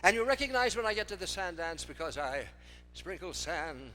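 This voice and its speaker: A man's voice: high voice, big pitch swings, normal speed, pushed and bright, soft background music. An older man doing breathless, self-mocking stage patter between dance numbers in front of a live audience. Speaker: song-and-dance entertainer.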